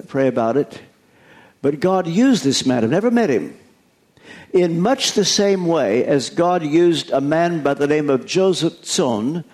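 A man's voice: on the high side, darkish tone. An older American man, a pastor, giving an earnest, confessional sermon.

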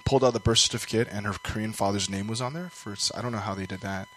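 A man's voice: lowish voice, racing, fairly bright tone, slight background noise, low-quality recording. A Canadian man telling a personal story during a sermon, rambling and self-deprecating, sometimes acting out the voices of people he quotes.

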